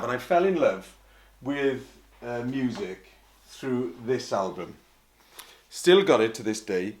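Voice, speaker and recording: A Welsh man, an opera singer, telling anecdotes in a chatty, self-mocking way, often laughing at himself. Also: lowish voice. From Wales. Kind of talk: casual anecdotal storytelling.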